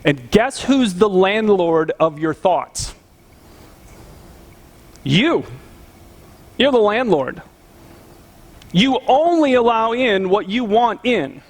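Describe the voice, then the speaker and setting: A male pastor delivers a sermon in an easygoing, conversational manner. He tells stories as though chatting with friends. His voice sits slightly higher than most men's. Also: expressive, takes it slowly, pauses often. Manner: conversational storytelling, chuckling.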